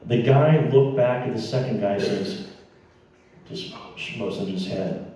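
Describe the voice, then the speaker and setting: A man's voice: fairly low pitch, lively intonation, normal speed, dark tone. A man telling an audience a dramatic personal story, acting out the dialogue and talking straight to the listeners. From American Midwest. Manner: dramatic retelling with quoted dialogue and asides. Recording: echoey room, voice from far off.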